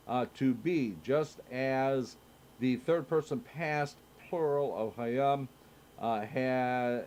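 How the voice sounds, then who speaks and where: Guy reading scripture real slow, lots of uhs, mid-pitched voice. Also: darkish tone, a little hiss or hum. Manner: slow, halting reading with many filler sounds. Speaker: Torah study teacher. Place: synagogue.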